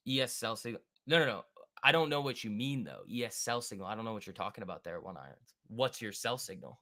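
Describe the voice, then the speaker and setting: A man hosting a live stock trading stream, thinking aloud and answering chat in an excitable, quick way. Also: on the low side. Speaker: stock trading livestream host. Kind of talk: live market commentary reading chat.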